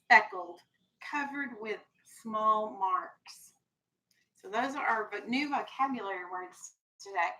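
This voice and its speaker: A woman's voice: a little high, moderate pace, sharp tone, low-quality recording. A woman teaching a classroom vocabulary lesson, firm and explanatory, stressing key words.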